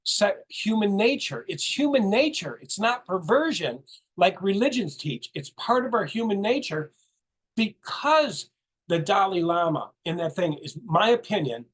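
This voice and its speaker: A man's voice: high voice, expressive, a little slow, fairly bright tone, husky. A man co-hosting a casual chat, telling stories animatedly, repeating words and acting out what people said. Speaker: co-host.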